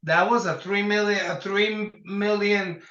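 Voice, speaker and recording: An older man, a singer, chatting in an interview and telling animated stories from his career. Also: high voice, measured pace. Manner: animated storyteller, acts out quotes. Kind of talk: casual interview conversation. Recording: echoey dull lo-fi sound.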